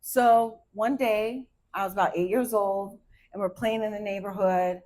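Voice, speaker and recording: A woman in her fifties from Arizona performing a stand-up comedy set, hyper and animated as she tells stories. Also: medium pitch, measured pace, slight background noise, low-quality recording. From Arizona, USA. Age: 50s.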